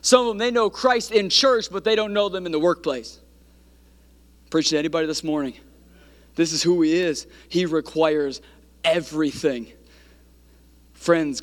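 A man's voice: a little high, steady tone, moderate pace, long pauses. A man preaching a sermon, building through repeated phrases and climbing to emphatic peaks. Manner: repetitive, rising emphatic preaching cadence.

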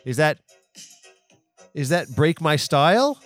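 A man hosting a comedy podcast, rambling through absurd asides in a deadpan manner. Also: fairly high pitch, takes it slowly, soft background music. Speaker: podcast host.

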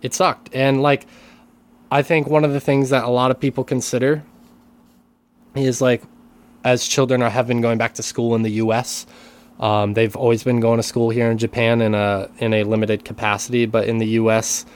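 A man's voice: mid-range voice, little pitch movement, moderate pace. A man co-hosting a casual podcast, talking with many restarts and careful hedging. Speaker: podcast co-host and teacher.

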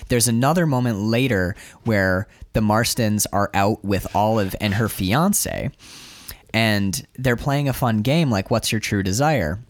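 With a lowish voice and measured pace, this podcast co-host reviews a film in a casual, emotional conversation. He swears freely, gets animated, and restarts his sentences a lot. There's no echo on the recording.

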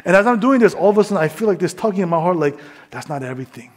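A young man preaching his testimony, swinging between hushed whispers and loud fervent bursts. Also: high-pitched, lively intonation, racing. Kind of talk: testimony sermon.

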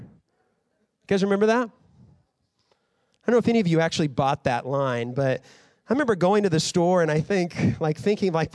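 A man's voice: a little high, moderate pace, a little mellow, dry recording, clean studio sound. A man in his thirties preaching a sermon in a conversational way, rising to fired-up emphasis. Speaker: pastor.

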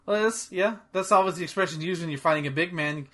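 A man co-hosting a casual movie watch-along, excitable and swearing freely, often laughing. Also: high-pitched, fast. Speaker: movie commentary co-host. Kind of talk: casual chat.

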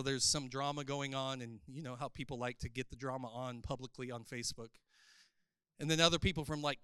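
Bright-voiced preacher man, high and clear. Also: no echo, clean studio sound. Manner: animated preaching, rising to loud emphatic passages. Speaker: pastor. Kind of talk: sermon. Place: church service.

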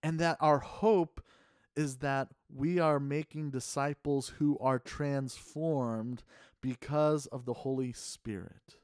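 A middle-aged man preaching a sermon in an earnest, measured way, asking the congregation rhetorical questions. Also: medium pitch, steady tone, darkish tone, no room sound, clean studio sound. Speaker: pastor.

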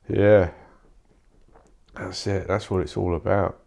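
Young male podcaster, deep gravelly voice, blunt and sweary solo ramble. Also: flat delivery, slow, pauses often, a little mellow. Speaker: podcast host. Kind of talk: casual solo monologue.

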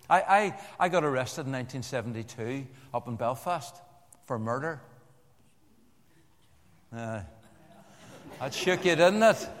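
An older man preaching a sermon to a congregation in an animated way, repeating words and joking with the listeners. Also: medium pitch. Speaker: pastor. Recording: long church-hall reverb.

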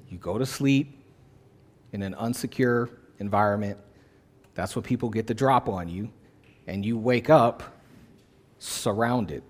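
A man's voice: fairly low pitch, measured pace, pauses often. A man preaching a sermon as pastor, conversational and plain-spoken, who hammers home key phrases by repeating them.

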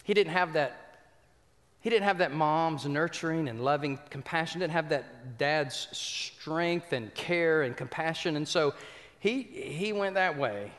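A man's voice: fairly high pitch, a little slow, a bit bright. A man preaching a sermon, telling a story with repeated words and questions to the congregation. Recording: reverberant hall.

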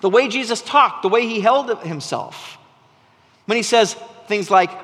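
A male pastor delivers a sermon in a high voice. His tone is bright and forceful, and he talks in a chatty, storytelling way that keeps doubling back mid-sentence. A long reverb from the church hall trails after his words. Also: lively intonation, unhurried. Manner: conversational, storytelling preacher with frequent restarts. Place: church sanctuary.

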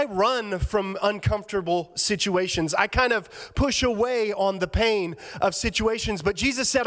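High-voiced man preaching a sermon. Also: fairly bright tone. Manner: earnest, repeats words when starting sentences. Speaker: pastor.

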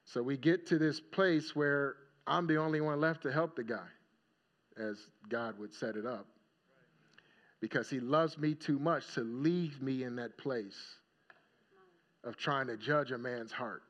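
A man's voice: mid-range voice, measured pace, fairly bright tone. Conversational male pastor preaching, muffled sound. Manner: conversational storytelling, checking in with "right?". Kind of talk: sermon. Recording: dull lo-fi recording.

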